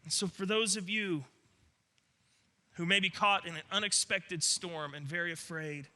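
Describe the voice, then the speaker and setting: A man's voice: high-pitched, steady tone, normal speed, bright, forceful tone. A man preaching a sermon as pastor, earnest and emphatic, often doubling his words as he restarts.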